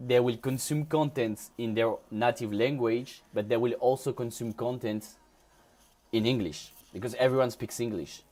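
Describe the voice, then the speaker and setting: A man's voice: medium pitch, a little mellow. A man with a French accent, a native French speaker, chatting casually with viewers on a trading live stream, often restarting and repeating words. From France. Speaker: crypto trading livestreamer.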